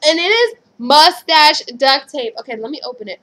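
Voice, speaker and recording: A young woman chatting casually in a vlog, gushing and squealing with excitement over gifts. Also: high voice, normal speed. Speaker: vlogger.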